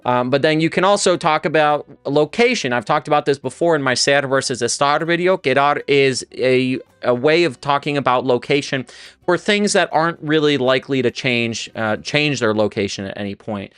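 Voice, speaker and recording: A man's voice: medium pitch, moderate pace, a bit bright, clean tone, no echo. A man teaching Spanish on a livestream, chatty and loose, with many restarts and fillers. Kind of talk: casual livestream lesson.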